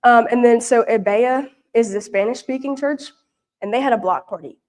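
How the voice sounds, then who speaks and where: A woman's voice: on the high side, normal speed, a little mellow. Young woman from Louisiana, easygoing and talkative, telling stories to a church group with lots of fillers. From Louisiana, US South. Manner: chatty and rambling, many fillers and restarts. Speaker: mission intern giving a report. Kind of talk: casual storytelling talk. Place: church prayer meeting, showing pictures.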